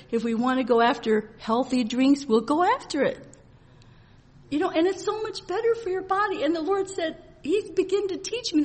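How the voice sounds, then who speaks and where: A woman preaching a sermon in an earnest, heartfelt way, moving between soft, gentle passages and loud, emphatic declarations, with frequent laughter. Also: high voice.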